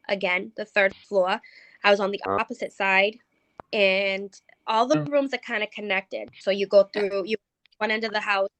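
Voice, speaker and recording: A woman's voice: mid-range voice, a bit bright, no room sound. A woman telling a ghost story as a paranormal investigator guest, hesitant and full of ums and restarts. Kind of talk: recounting a ghost story in conversation.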